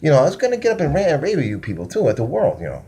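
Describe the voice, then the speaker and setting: Man, rambling profane monologue, swooping animated pitch, digressive, self-styled teacher. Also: racing. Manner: profane, conspiratorial ranting; loose, digressive delivery with restarts and laughs.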